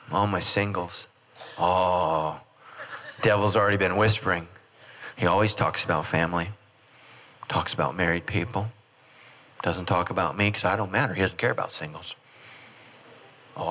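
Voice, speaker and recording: A man's voice: low voice, bright, forceful tone. A middle-aged man preaching a humorous sermon as pastor, joking and acting out quoted voices. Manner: jokey, acts out quoted voices.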